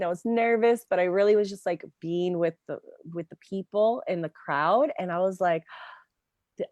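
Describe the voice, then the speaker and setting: A woman's voice: fairly low pitch, dry recording. A woman career coach chatting casually in an interview, telling stories with lots of "like" and "um" fillers. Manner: animated storyteller, many fillers like "like" and "um".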